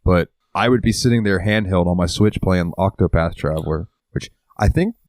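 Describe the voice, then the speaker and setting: Deep-voiced guy on a podcast, dry close mic, rambling and swearing a lot. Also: moderate pace, darkish tone, no echo. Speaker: podcast co-host. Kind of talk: casual chat.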